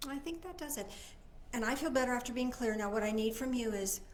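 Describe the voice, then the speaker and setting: A woman with a fairly high voice leading a relaxed spiritual service. She talks to her listeners as if chatting and often checks that they follow. She drops to quiet asides and then rises for firm, emphatic points. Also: fast talker, a little hiss or hum. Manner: swings between soft asides and emphatic points. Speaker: spiritual minister. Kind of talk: informal Sunday service teaching.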